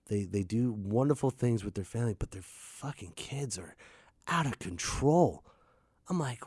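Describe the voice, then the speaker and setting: A man's voice: medium pitch, expressive, moderate pace, darkish tone, husky, no room sound, studio quality. A man ranting crudely and animatedly about parenting, now and then mocking others in put-on voices. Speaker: podcast host. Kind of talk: ranting monologue.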